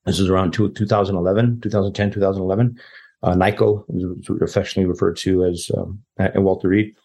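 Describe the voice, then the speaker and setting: He's a fast-talking interview guest with a low, level, creaky voice and a warm tone. Telling a personal story, he rambles casually and often acts out other people's lines as dialogue.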